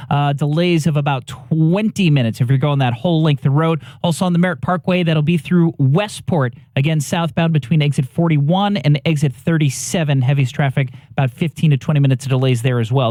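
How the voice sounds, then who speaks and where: A man reads a brisk, matter-of-fact traffic report and a sponsor ad. His voice sits a little high, recorded dry and close. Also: a little mellow, no echo. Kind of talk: scripted traffic report and ad read.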